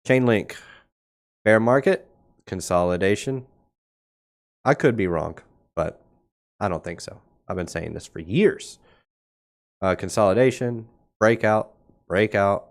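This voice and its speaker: A man's voice: on the low side, animated, unhurried, long pauses. A man hosting a casual crypto market livestream, talking blunt and sarcastic over charts, with a cough that keeps breaking in. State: coughing now and then. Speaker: crypto market show host.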